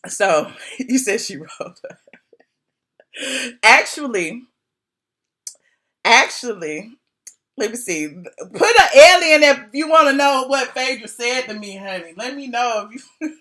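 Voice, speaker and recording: A woman's voice: a little high, expressive, slow, long pauses, fairly bright tone. A woman blogger spilling gossip in a casual live stream, talking animatedly with slangy asides into her phone camera.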